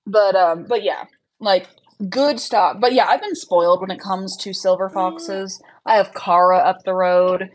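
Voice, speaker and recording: A woman's voice: medium pitch, measured pace, rough recording. A young woman hosting a casual livestream, chatting frankly with viewers and answering their questions with lots of fillers. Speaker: livestream host, rabbit breeder.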